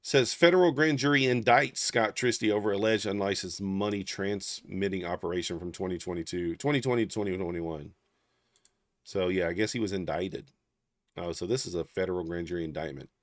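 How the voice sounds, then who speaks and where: Low-voiced man murmuring trading commentary. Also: fairly quick, no room sound, clean studio sound. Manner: thinking aloud, casual, murmured asides. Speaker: trading livestream host.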